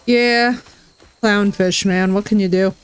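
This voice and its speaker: A woman's voice: mid-range voice, fairly even intonation, slow, clear, resonant tone. A woman commenting live on a game she is playing. She talks in effusive, exclamation-filled bursts. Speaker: game streamer. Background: faint game music.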